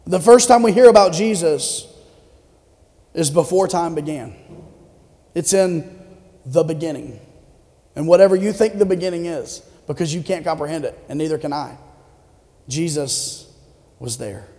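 A man's voice: a little high, moderate pace, pauses often, dark tone. A man preaching a conversational sermon as a pastor, asking the congregation questions as he goes. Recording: long hall reverb.

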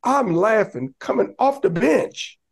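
Animated man telling basketball stories. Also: high-pitched, takes it slowly, creaky. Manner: animated, laughing, acts out quotes in raised voice. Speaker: podcast guest, basketball coach. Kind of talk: casual storytelling.

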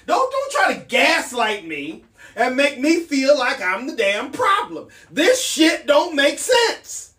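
A man's voice: very high voice, pushed and bright, recorded from a distance. A man hosting a casual solo podcast, talking bluntly and with a sardonic edge. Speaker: podcast host. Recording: echoey room, off mic.

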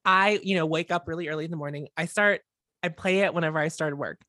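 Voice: mid-range voice, fast, bright, forceful tone, no room sound, studio quality. A podcast co-host in casual chat, emphatic and laughing often.

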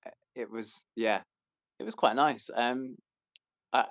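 A man's voice: medium pitch, slow, a bit bright, dry recording, muffled recording. A man, chatting hesitantly as a podcast guest, with many fillers and restarts. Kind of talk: casual chat.

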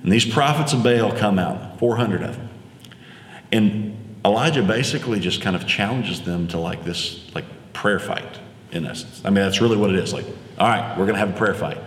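A man's voice: fairly low pitch, normal speed, a little hiss or hum. A man preaching a sermon, retelling a story in a casual way with fillers. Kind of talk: conversational sermon. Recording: echoey hall with long reverb.

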